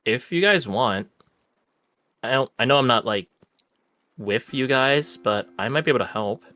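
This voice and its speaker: A man's voice: mid-range voice, lively intonation, normal speed, pushed and bright, dry recording. A man voicing a hesitant young witch girl. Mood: earnest. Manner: hesitant, stammering. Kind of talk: tabletop game role-play.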